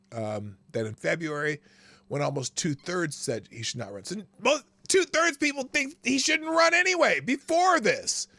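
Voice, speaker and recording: Sarcastic guy doing political talk, gravelly, voice swings up and down a lot, dry sound. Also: mid-range voice, a bit bright, dry recording. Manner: sarcastic, laughing asides. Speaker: host. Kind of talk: political commentary.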